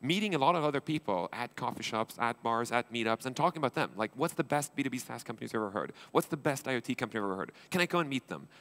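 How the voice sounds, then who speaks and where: A man's voice: medium pitch, lively intonation, racing, few pauses, a bit bright. A man from Sweden giving a conference keynote, informal and blunt, acting out little dialogues with swearing asides. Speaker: conference speaker, entrepreneur and investor. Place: conference stage.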